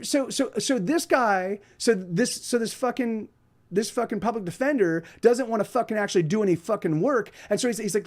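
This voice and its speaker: This podcast host is a man whose animated voice sits high, and he speaks at a brisk clip. His angry, profane story rambles along with many restarts, and he mimics other people in put-on voices when quoting them.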